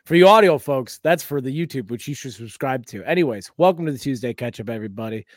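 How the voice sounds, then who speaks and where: A man's voice: mid-range voice, lively intonation, fast, dry recording, clean studio sound. A young man hosting a casual, comedic podcast chat, loose and joking with frequent swearing. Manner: loose, joking, swears often, does mock voices of people. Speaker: podcast host.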